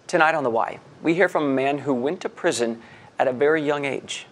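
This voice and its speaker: A man's voice: fairly high pitch, a little fast, a bit bright. Man hosting a news segment. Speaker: news host. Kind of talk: scripted news intro.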